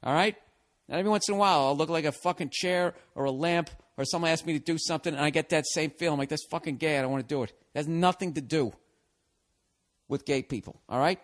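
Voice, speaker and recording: A man's voice: a little high, fast. A man, a podcast host, reading out a listener email and answering it with rambling, profane sarcasm.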